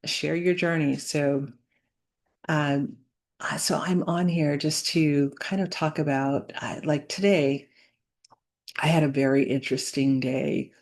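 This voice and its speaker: A woman talks slowly to camera in a reflective vlog, with a low voice. She is earnest and halting, starting over often and leaning on fillers, and she takes her time between thoughts. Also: fairly even intonation, a little mellow. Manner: slow, halting, with many fillers and restarts; earnest, faith-centered. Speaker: business owner vlogging.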